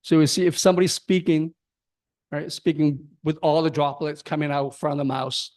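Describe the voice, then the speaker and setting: A man giving an academic lecture on his research, speaking haltingly with restarts and frequent tag questions. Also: on the high side, little pitch movement, a little mellow. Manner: halting, repeats words, frequent "right?". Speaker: guest lecturer.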